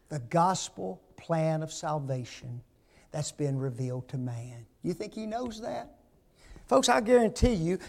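A man's voice: fairly high pitch, a little mellow. A man in his sixties preaching a sermon, emphatic and full of rhetorical questions to his congregation.

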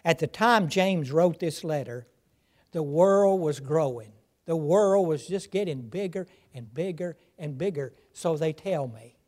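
An older man preaching a sermon, slow and emphatic, repeating key phrases for stress. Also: on the high side, animated, darkish tone.

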